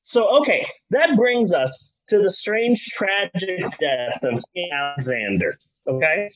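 A man co-hosting a podcast, telling a history story in a comedic, profane and animated way over dull lo-fi sound. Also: high voice, measured pace.

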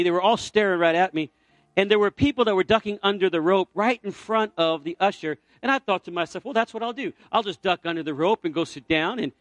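A fairly high-voiced, middle-aged pastor preaches in a church sanctuary, moving from a relaxed personal anecdote to passionate urging for his congregation to respond at the altar call. The recording is dry and close-miked, with gentle music in the background.

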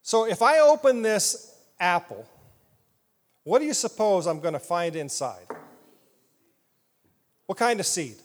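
Animated man preaching in a reverberant church. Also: high voice, measured pace, long pauses. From southeast Iowa, US. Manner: animated, asks the congregation questions, playful. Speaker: pastor. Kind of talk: sermon. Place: church hall. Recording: long hall reverb.

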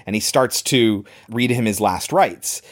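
A man's voice: on the low side, a little slow. A man hosting a podcast, casually recapping a film in detail and acting out quoted lines. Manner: retells scenes in detail, acts out quoted lines. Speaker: podcast host.

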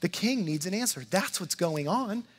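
A man with a high voice preaches a sermon in a relaxed, conversational way, often repeating his words and acting out the quotes. His voice rings with a long reverb, as if in a large hall. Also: moderate pace, slightly rough. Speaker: pastor.

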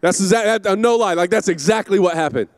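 A middle-aged man, a campus pastor, preaching a sermon in a church, telling stories with shouted asides. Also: high voice, fast talker, no echo. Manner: animated storytelling with shouted asides. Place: church auditorium.

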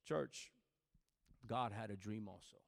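A man preaching a sermon to a church, swinging from shouted exhortation to hushed, near-whispered storytelling. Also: mid-range voice, big pitch swings, unhurried.

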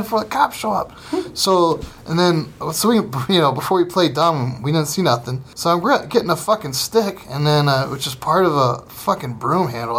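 Profane, animated man telling war stories. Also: a little high. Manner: profane, animated storyteller who acts out quotes. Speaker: comedian and podcast guest. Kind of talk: casual storytelling chat. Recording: roomy room, faint ambience.

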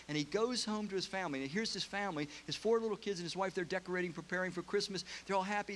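A preacher giving a sermon, retelling a film story in an emotional, casual way. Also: male voice, high-pitched, quick pace, a bit bright, a little hiss or hum.

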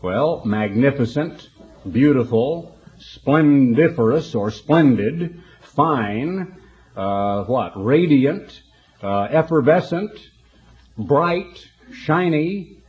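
A man's voice: medium pitch, expressive, drawn-out words, muffled recording. A man preaching a broadcast sermon in a folksy, conversational storytelling manner.

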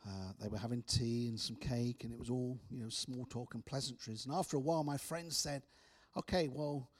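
A man preaching, telling personal stories with restarts and soft, hushed drops. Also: medium pitch, fairly even intonation, fairly quick, slightly rough. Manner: storytelling with repeated restarts, soft dramatic drops. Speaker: speaker. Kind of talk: preaching testimony.

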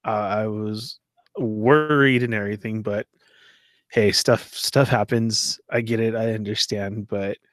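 A man's voice: lowish voice, dry recording, clean studio sound. A man casually telling a long story, laughing often and acting out what people said. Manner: animated, laughs often, acts out quoted voices.

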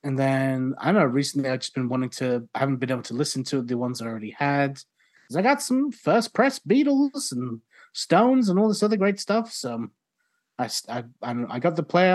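A man's voice: medium pitch, lively intonation, a little fast, a little mellow. Man, podcast co-host, casual chat, self-deprecating.

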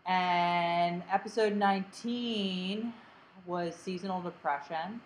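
A woman's voice: lowish voice, takes it slowly, a little hiss or hum, rough recording. A woman from Delaware County co-hosting a casual podcast, rambling with lots of fillers and a grating, self-mocking tone. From Delaware County, Pennsylvania. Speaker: podcast co-host.

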